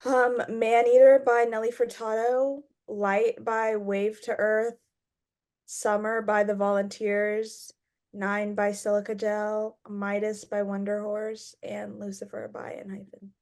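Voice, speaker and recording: A young woman co-hosting a podcast, chatting in a quick, animated, agreeable way. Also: mid-range voice. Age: young adult. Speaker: podcast co-host. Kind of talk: casual chat.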